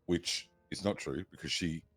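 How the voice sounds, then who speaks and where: A man's voice: low voice, normal speed, fairly bright tone, breathy edge, no room sound. A man playing a police officer in a roleplay discussion, reading through a statement and rebutting it point by point. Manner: methodical, reads out a statement and rebuts it.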